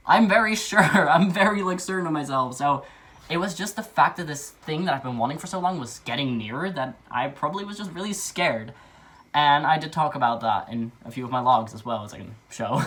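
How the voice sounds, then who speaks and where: A man's voice: medium pitch, fairly bright tone. A young adult man talking candidly in a personal vlog, rambling with restarts and nervous laughs. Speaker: vlogger.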